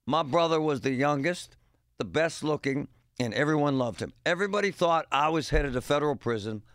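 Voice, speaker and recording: A man's voice: fairly high pitch, animated, fairly quick, fairly bright tone, dry recording, studio quality. A middle-aged man hosting a radio show, rambling and joking in a casual monologue with punchy exclamations.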